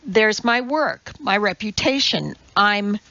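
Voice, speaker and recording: A woman's voice: mid-range voice, animated, slow pace, sharp tone, dry recording, highs cut off, exaggerated voice. A woman doing a stubborn, proud man scientist. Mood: defensive. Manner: insistent and defensive.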